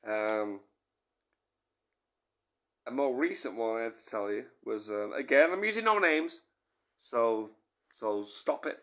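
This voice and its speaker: A man's voice: medium pitch, expressive, slow pace, pauses often, fairly bright tone. A man telling a rambling comic anecdote, swearing casually and often repeating and correcting himself. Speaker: storyteller.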